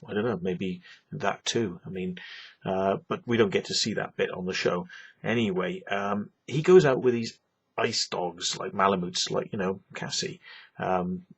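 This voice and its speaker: A man's voice: fairly low pitch, slightly rough. A man ranting on his vlog, profane, sarcastic and rambling. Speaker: vlogger. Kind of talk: ranting monologue.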